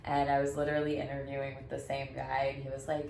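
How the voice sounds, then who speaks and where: A woman's voice: extremely low pitch, completely flat delivery, fast talker, gravelly, darkish tone. A woman who is a therapist hosting a casual chat, telling candid stories, swearing freely and laughing often. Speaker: podcast host, therapist. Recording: echoey room with faint noise.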